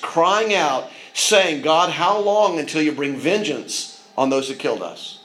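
A man's voice: fairly high pitch, poor audio. A man preaching a sermon in an earnest manner, with frequent restarts and asides. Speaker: pastor.

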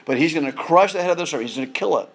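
A man's voice: on the high side, animated, rapid-fire, creaky. A man preaching a sermon in an earnest way, often repeating words as he builds emphasis.

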